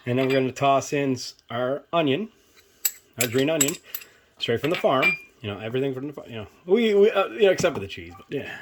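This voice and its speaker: A cooking video host demonstrates a home recipe in his kitchen, chatty and rambling, poking fun at himself along the way. He has a mid-range voice, and the background is noisy.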